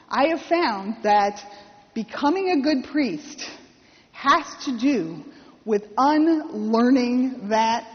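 A woman priest preaching with a high, light voice, spinning a personal story with wry humor and acting out the quotes. She is heard in a church with a long echo, and the sound is dull and lo-fi. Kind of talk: sermon.

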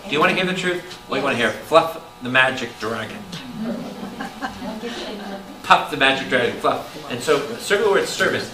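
A man, a priest, preaching a Bible study to a congregation, animated and calling out questions to the room. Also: a little high, quick pace, hardly any pauses. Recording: roomy hall taped from a distance with noise.

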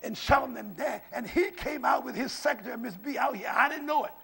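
An older man preaching a storytelling sermon as pastor, swinging from hushed asides to shouted lines. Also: very high-pitched, fast, vocal fry, slightly rough.

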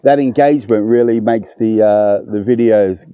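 A warm, emotional, talkative man in his fifties vlogs casually to camera outdoors at a dog kennel. He speaks at normal speed in a smooth, lowish voice, captured in a dry recording with dull audio.

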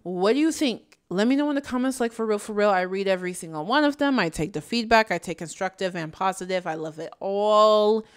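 A woman's voice: medium pitch, a little fast, hardly any pauses, clean tone. A woman hosting a casual commentary video, chatting in a sassy way and laughing often. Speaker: YouTube commentary host. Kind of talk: casual chat.

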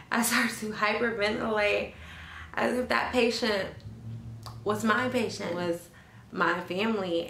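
A woman's voice: mid-range voice, gravelly, fairly bright tone, echoey room. A young woman and nursing student telling an emotional story in a chatty, casual vlog, with many fillers and restarts, recorded in her car.

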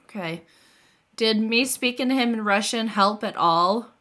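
A woman playing a character in a tabletop role-playing game, chatty and quick to laugh. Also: fairly high pitch, sharp tone. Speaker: player.

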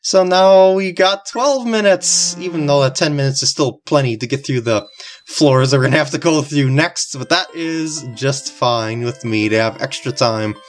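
A video game commentator talking casually through a playthrough, excitable and giggling often, over game music. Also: mid-range voice, normal speed. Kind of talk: casual let's-play commentary.

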